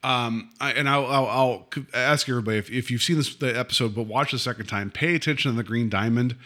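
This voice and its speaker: A man's voice: medium pitch, fast, pushed and bright. A man co-hosting a podcast, eagerly sharing theories about a TV episode and quizzing his co-host. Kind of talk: casual chat discussing a TV episode.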